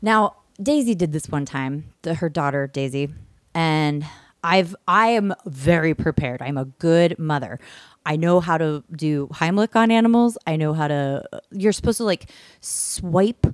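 A woman telling a story in casual podcast chat, lively and swearing freely, acting out what she said back then. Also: low voice, unhurried, dry recording, clean studio sound. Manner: animated, swears freely, acts out her own screams and quotes.

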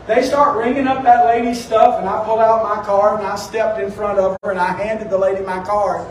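High-voiced pastor preaching in a big echoey room. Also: male voice, fairly even intonation, normal speed, a little hiss or hum. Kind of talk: sermon. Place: church sanctuary. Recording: echoey room, distant from the mic.

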